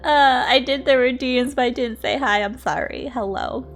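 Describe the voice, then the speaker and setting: Giggly high-voiced woman streamer. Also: moderate pace, faint music behind. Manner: giggly, chatty, laughs often. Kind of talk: casual livestream chat.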